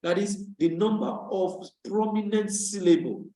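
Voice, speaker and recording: A man's voice: high voice, fairly even intonation, unhurried, mellow, reverberant, rough recording. A man from Nigeria teaching an English lesson over a video call, patiently explaining and repeating key words for emphasis. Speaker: English tutor.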